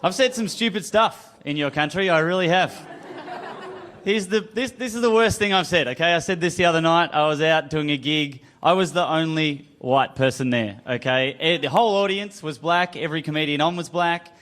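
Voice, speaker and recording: A man's voice: a little high, normal speed, fairly bright tone. Australian man doing stand-up. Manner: self-mocking storytelling. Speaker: stand-up comedian. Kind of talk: stand-up set. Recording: live club with crowd and noise.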